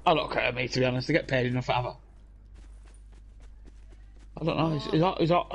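A man's voice: mid-range voice, a little fast, husky. A young British man in casual banter while gaming, telling rambling stories full of swearing and laughs into a headset at home. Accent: British English. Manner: rambling, profane storytelling with frequent laughs. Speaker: gamer streaming with friends.

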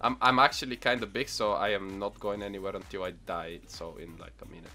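A young man giving casual gaming commentary, excitable and quick to swear in frustration. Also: low voice, soft background music. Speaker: gaming channel host.

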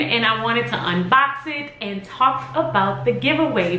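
A woman's voice: a little high, a little slow, hardly any pauses, a little hiss or hum. Gushing woman vlogging in an echoey room. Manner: gushing and excitable. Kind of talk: casual vlog talk to camera.

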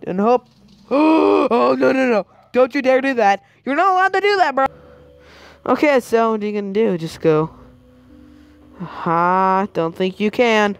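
A woman playing a scary maze game, gasping and yelling at the characters on screen. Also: on the high side, a little slow, gravelly. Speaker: gamer. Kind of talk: game commentary.

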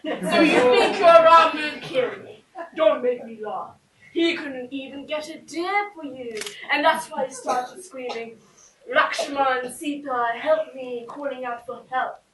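A woman's voice: high-pitched, measured pace, a crowd in the background. A woman playing a boastful, taunting male demon king in a live stage play, recorded from far off in an echoey hall. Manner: mocking, taunting, laughing.

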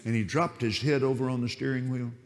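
An older man, a prison minister, telling a testimony story with animated, stumbling repetitions. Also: medium pitch, fast. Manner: animated, repeats and restarts words. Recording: long hall reverb.

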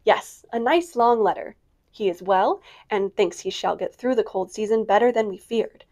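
Warm middle-aged mother, a woman reader doing her, cheery and fond. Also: medium pitch, normal speed, natural voice. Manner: cheery, affectionate.

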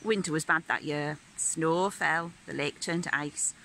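A woman telling a picture-book story to young children with a gentle, sing-song lilt. She reads at a slow, easy pace. Her voice is bright and clear. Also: low voice, slight background noise, poor audio. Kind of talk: reading a picture book aloud.

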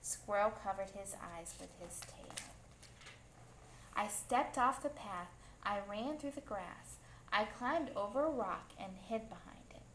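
Slow, gentle woman reading a picture book. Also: mid-range voice, slight background noise. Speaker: storybook reader. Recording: echoey room, faint ambience.

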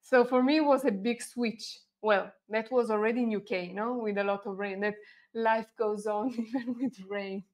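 A woman's voice: a little high, steady tone, moderate pace. A woman from Italy with an Italian accent, co-hosting a casual live chat and often tagging sentences with a questioning "no?". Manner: chatty, ends thoughts with a questioning "no?". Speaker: co-host.

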